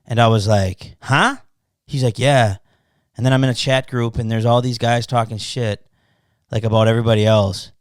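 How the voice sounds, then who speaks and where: A podcast host with a mid-range, clean-toned voice speaks a little fast, telling a story in casual chat with frequent swearing and animated acting-out of both sides of an argument. The recording is dry and studio quality.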